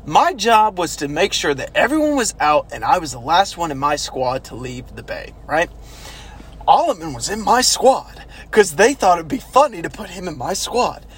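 A man casually telling stories from basic training, animated and swearing, now and then shouting out quoted orders. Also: on the high side, normal speed, a little hiss or hum. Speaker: former army recruit telling stories. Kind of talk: casual storytelling chat.

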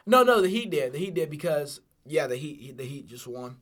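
A young man co-hosting a casual sports podcast, whiny and exasperated, now and then bursting into loud outcries. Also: a little high, very animated, moderate pace. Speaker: podcast co-host, Lakers fan.

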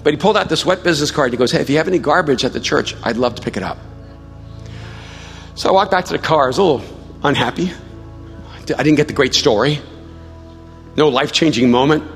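A man preaching a sermon as pastor, telling a story with self-mocking humor and then turning to a quiet, prayerful appeal. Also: fairly high pitch, creaky. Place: large church hall. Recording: live church hall with long reverb and soft music.

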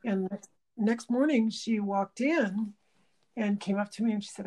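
A woman who teaches workshops talks through her ideas in a reflective interview. She speaks thoughtfully, searching for words and often restarting her phrases. Her voice sits at a middling pitch. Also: measured pace, darkish tone.

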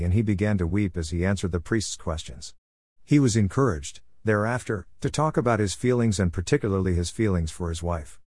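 Male storyteller, low-pitched, measured, bone-dry sound. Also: no room sound. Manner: steady, measured reading. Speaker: narrator. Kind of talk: scripted storybook narration.

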